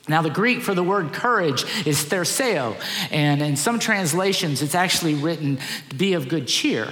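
A middle-aged man, a pastor, giving an animated, conversational sermon with lots of repeated phrases. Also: fairly high pitch, moderate pace. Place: church auditorium. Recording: echoey church hall.

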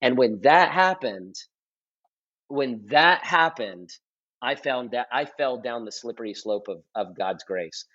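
A man's voice: mid-range voice, animated, slow pace, a bit bright. Earnest pastor telling his testimony. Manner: earnest storytelling, repeats and restarts phrases for emphasis. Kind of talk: conversational testimony on a podcast. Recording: slightly dull lo-fi audio.

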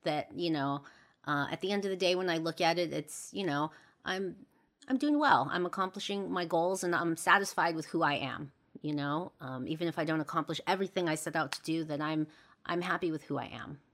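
Low-voiced woman musing candidly. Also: brisk, fairly bright tone. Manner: reflective, earnest, many fillers and restarts. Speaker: podcast host. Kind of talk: candid personal monologue.

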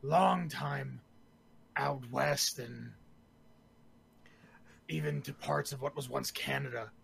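Gravelly wasteland drifter, played by a man in a tabletop game; halting and wry. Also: medium pitch, a crowd in the background. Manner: hesitant, halting with fillers, then dry wisecracks. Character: gravelly, blunt male wasteland traveler. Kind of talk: tabletop role-play in character.

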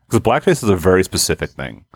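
A man's voice: deep voice, very animated, fairly quick, husky, dry recording. A man co-hosting a podcast in casual chat, laid-back and swearing freely. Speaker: podcast co-host.

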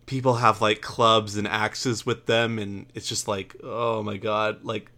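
A man co-hosting a casual movie podcast, talking in a relaxed, hesitant way with quick asides. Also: fairly low pitch. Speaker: podcast co-host. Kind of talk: casual movie review chat.

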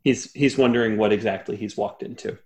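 A man as game master, narrating a tabletop game in a relaxed, conversational way. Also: on the low side, a little fast.

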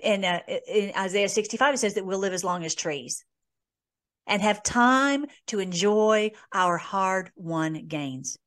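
A woman's voice: mid-range voice, measured pace, fairly bright tone. A woman hosting a conversational Bible teaching, reading scripture aloud and commenting earnestly with many fillers. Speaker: host.

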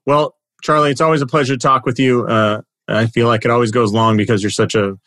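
A man's voice: mid-range voice, steady tone, fairly quick, a bit bright, dry recording. Male podcast host, easygoing and joking, close dry sound. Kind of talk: conversational interview.

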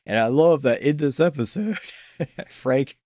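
A man's voice: a little high, expressive, a little slow, mellow, dry recording. A man co-hosting a podcast, chatting casually and enthusiastically about a TV episode, swearing freely and laughing often. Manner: laid-back, profane, enthusiastic, often laughing. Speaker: podcast co-host. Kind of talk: casual chat recapping a TV episode.

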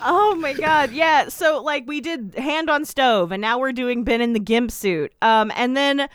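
A woman's voice: high-pitched, unhurried, no room sound, studio quality. A woman co-hosting a podcast, retelling scenes in a wry, rambling way with lots of fillers. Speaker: podcast co-host. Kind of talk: casual recap chat.

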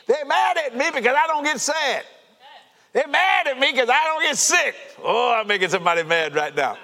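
A man preaching a fervent sermon to a congregation, shouting and laughing as he goes. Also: extremely high pitch, very animated, normal speed, gravelly. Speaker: pastor. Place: church sanctuary. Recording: reverberant church hall.

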